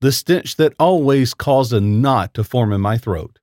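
A man narrating a first-person horror story in a lively, expressive storytelling voice. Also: mid-range voice, measured pace, no echo, studio quality. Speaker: story reader.

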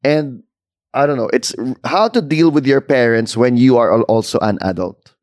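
A man's voice: medium pitch, moderate pace, darkish tone, dry recording. Chatty Filipino man in dry close sound. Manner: chatty, mixes English and Tagalog. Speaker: podcast co-host. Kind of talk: casual chat.

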